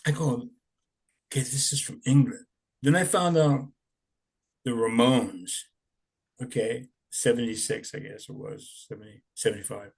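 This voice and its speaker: A man's voice: mid-range voice, a little slow, vocal fry, pauses often, breathy edge. A man in his sixties telling stories in a rambling, laid-back way, swearing often. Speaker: interviewee, punk musician. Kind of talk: casual storytelling.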